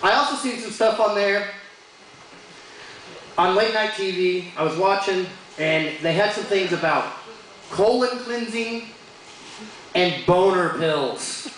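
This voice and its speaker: High-voiced man doing crude stand-up. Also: measured pace, long pauses, slight background noise. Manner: crude deadpan punchlines. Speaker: stand-up comedian. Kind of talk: stand-up comedy set. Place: bar stage with live audience. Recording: echoey bar room from far off.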